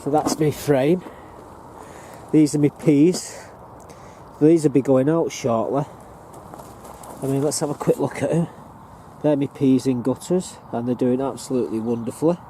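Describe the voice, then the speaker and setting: A northern English man with a very dark, mellow voice, rambling chattily as he walks his allotment plot. He talks plainly into a handheld camera, with faint outdoor noise behind him. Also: medium pitch, normal speed, long pauses. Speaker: allotment gardener and vlogger. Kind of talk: casual walking tour.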